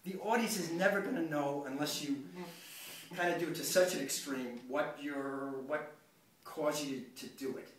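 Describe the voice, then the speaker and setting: Acting teacher talking in an echoey room. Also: male voice, fairly high pitch, steady tone, normal speed. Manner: rambling, conversational, self-interrupting. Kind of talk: workshop lecture. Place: workshop room. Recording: echoey room, distant mic, faint noise.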